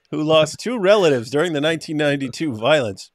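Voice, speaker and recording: Sarcastic man reading aloud, slightly high voice. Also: lively intonation, brisk, no room sound, clean studio sound. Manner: mocking, reads quotes aloud then interjects. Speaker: co-host reading and commenting on a news article. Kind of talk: sarcastic commentary.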